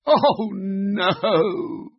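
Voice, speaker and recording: A man voicing a scared but plucky young male dog in a children's story, in a high, exclaiming voice. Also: sing-song, extremely slow, vocal fry, husky, no echo, exaggerated voice. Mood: tired. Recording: dull, muffled recording.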